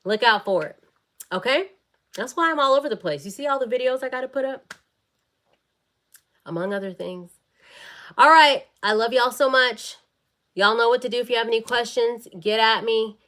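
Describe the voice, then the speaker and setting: A woman chatting warmly and bubbly with viewers on a casual livestream. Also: a little high, normal speed, long pauses. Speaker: wellness vlogger and fitness live-streamer.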